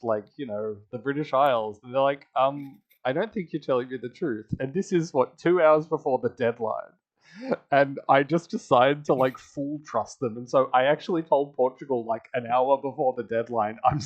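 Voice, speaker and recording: Recapping an online strategy game in casual style, a man with a mid-range voice talks at a moderate pace over dull audio. As host, he chats freely, laughs a lot, and voices the quoted players himself.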